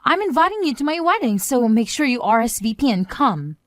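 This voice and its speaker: A woman's voice: fairly high pitch, big pitch swings, brisk, no echo, studio quality. A woman voicing a smug scheming younger sister. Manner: smug, taunting. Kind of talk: narrated story drama.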